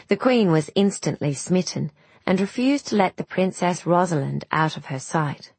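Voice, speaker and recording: A woman giving scripted storybook narration of a fairy tale, measured, gentle and deliberate. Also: on the low side, animated, slightly rough, dry recording.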